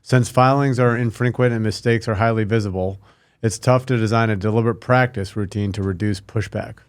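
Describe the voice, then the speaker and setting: A man, the show's producer, adding brief remarks and reading listener questions aloud in a plain, even manner. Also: fairly low pitch, brisk, clear, resonant tone, no room sound, studio quality. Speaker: podcast producer and co-host.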